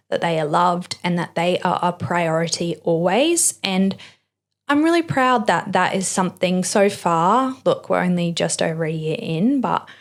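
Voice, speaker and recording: A young woman hosting a podcast, talking in an earnest, heartfelt monologue. She is emotional and close to tears, with plenty of "like" and "you know". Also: fairly low pitch. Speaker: podcast host. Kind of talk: personal reflective monologue.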